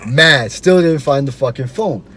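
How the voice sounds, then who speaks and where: Animated, profane man telling a story. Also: medium pitch, unhurried, a little hiss or hum. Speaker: podcast host. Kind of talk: casual storytelling.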